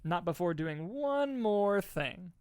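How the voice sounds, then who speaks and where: Guy on a podcast gushing about a movie, kinda high voice, cursing a lot, dry close mic. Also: slow pace, clear, resonant tone, no echo. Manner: excited, swears often, retells scenes with acted quotes. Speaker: podcast co-host, movie reviewer. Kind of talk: casual movie review chat.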